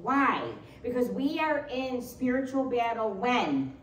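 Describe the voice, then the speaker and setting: A middle-aged woman pastor delivering a sermon, her slightly high voice leaping up and down as she tells playful stories. She is recorded from some distance in a roomy, echoing church. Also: slow pace, slight background noise. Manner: animated, playful storytelling with laughter. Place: church sanctuary.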